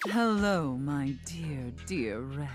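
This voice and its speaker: A woman voicing a flirty adult costume maker in video game dialogue, with a low, unhurried, teasing delivery. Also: lively intonation, music in the background.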